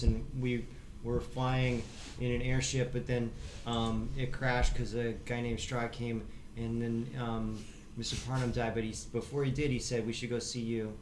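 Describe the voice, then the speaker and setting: A man's voice: mid-range voice, darkish tone, roomy sound, a little hiss or hum, poor audio. A man playing a tabletop game, explaining himself in a hesitant, rambling way full of fillers. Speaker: player.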